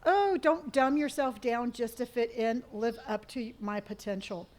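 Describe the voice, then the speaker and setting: A middle-aged woman streaming live, reading viewer comments and answering them in a warm, gentle way, often calling people honey. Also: fairly high pitch, unhurried. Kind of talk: casual live-stream chat.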